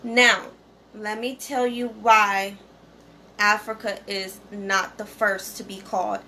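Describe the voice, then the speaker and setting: Woman vlog host, relaxed and slow, chatty teaching tone, trips over hard words while reading aloud. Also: mid-range voice, slight background noise. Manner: conversational, often checks in with "okay?"; reads source text aloud, stumbles over pronunciations. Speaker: channel host. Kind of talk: casual educational vlog.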